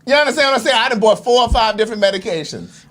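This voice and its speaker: A woman's voice: on the high side, expressive, very fast, fairly bright tone. Blunt, joking woman podcast host. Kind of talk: casual chat.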